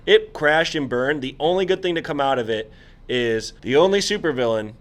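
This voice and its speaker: On a laid-back podcast, a male co-host leads listeners through an old comic book, telling it with animated amusement and disbelief. His voice sits on the higher side at a moderate pace.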